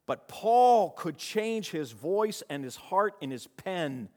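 A man delivering a church sermon, his delivery swinging between emphatic raised passages and soft hushed ones. His voice sits a little high for a man. The sound carries a long reverb, as if recorded in a large hall. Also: sing-song, takes it slowly. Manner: dynamic preaching, swings from loud to hushed. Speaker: pastor.

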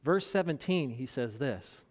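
A man preaching a sermon, measured, with dramatic pauses and rising emphasis. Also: mid-range voice, lively intonation. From United States. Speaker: pastor. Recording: long reverb of a large hall.

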